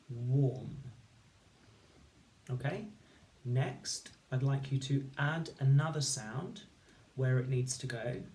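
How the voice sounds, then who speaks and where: A man teaching a recorded phonics lesson, sounding out words slowly and clearly, one sound at a time. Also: medium pitch, darkish tone, a little hiss or hum. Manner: slow, clear, patient instruction with sound-by-sound segmenting. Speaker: primary school teacher.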